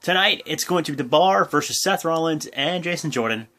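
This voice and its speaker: A young man hosting his own channel, recapping a wrestling show in a casual, excitable way with lots of fillers and sudden jumps in pitch. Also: fairly quick. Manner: excitable, acts out quotes in jumpy high voices, many fillers. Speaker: host of a wrestling reaction channel. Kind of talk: casual recap talk to camera.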